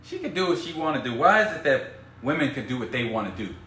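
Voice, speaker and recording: An animated man hosts a casual live stream as a business coach, playful and teasing with his viewers. His voice is bright and swings widely in pitch. The room is echoey, with a faint hum of ambience behind him. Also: fast.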